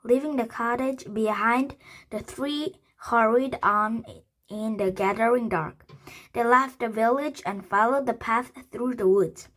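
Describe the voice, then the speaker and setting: Slow, halting woman reading a storybook. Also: on the high side. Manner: slow, halting, with self-corrections. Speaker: reader. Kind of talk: reading a children's book aloud.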